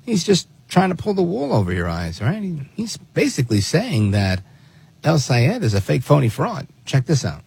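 A man's voice: a little high, wildly swooping pitch, moderate pace, vocal fry, a little mellow, breathy edge. A man hosting political commentary, who talks in a sarcastic, exasperated way and fires off rhetorical questions. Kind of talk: opinionated commentary on played clips.

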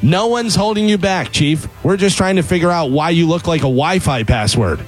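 A man's voice: on the high side, lively intonation, normal speed. A man reading a sarcastic comic open letter, mocking people in a ranting manner. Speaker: comedy segment writer. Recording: faint music bed underneath.

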